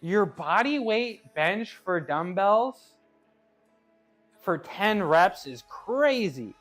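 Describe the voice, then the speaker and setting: A man's voice: sits high, big pitch swings, drawn-out words, a bit bright, faint music behind. A man chatting casually with his live-stream viewers as he trains, laughing easily and often restarting his phrases. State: working out. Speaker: streamer reading chat.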